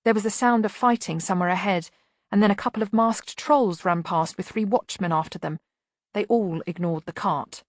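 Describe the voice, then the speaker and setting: A woman narrating a fantasy audiobook in a measured, even reading. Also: mid-range voice, no room sound. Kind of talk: scripted narration.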